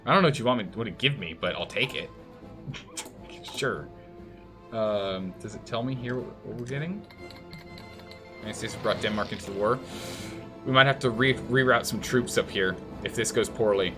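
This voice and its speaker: A man's voice: on the low side, normal speed, pauses often, over music. A man streaming a strategy game and commenting live, thinking aloud and scolding the game's nations in mock outrage.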